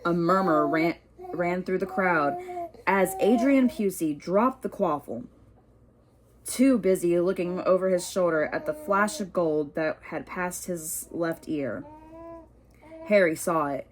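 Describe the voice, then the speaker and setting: Woman, storybook read-aloud, low voice, slow, very expressive, small stumbles. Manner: expressive, unhurried, occasional stumbles. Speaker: reader.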